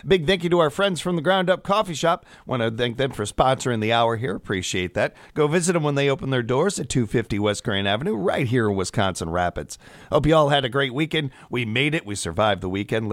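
A man hosts a morning radio show from the studio, talking casually in a folksy, rambling way. His pitch sits in the ordinary male middle. The sound is close and dry, with no room in it. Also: no echo. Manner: chatty, folksy, rambling with asides. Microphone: studio microphone.

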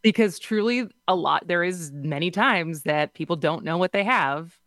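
Chatty woman co-host, lower voice. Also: animated, moderate pace, fairly bright tone, no room sound. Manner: chatty, storytelling with fillers. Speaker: radio show co-host. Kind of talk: casual radio chat. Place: radio studio. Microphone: studio microphone.

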